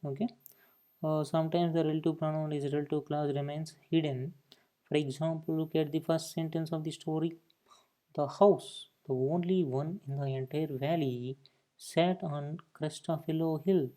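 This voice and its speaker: A man's voice: on the high side, steady tone, normal speed, warm tone. A man teaching a grammar lesson, explaining points and often saying "okay" between them. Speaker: English teacher.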